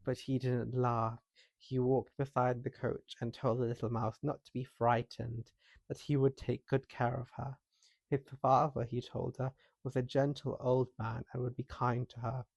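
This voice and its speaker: Calm male storyteller, muffled sound. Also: medium pitch, normal speed, gravelly, dry recording. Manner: soft and calming. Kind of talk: calm scripted narration.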